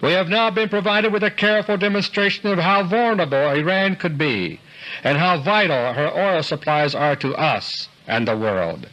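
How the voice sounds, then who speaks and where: A man delivering a scripted political commentary monologue in an earnest, deliberate way, slowing down for emphasis. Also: on the high side, sharp tone, rough recording. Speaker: commentator delivering a recorded audio letter.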